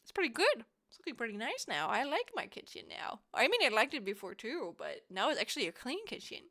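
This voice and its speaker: Giggly high-pitched young woman streamer. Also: very animated, fairly quick, a bit bright. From Germany. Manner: giggly, laughs often, rambling and playful. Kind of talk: casual live-stream chat with viewers.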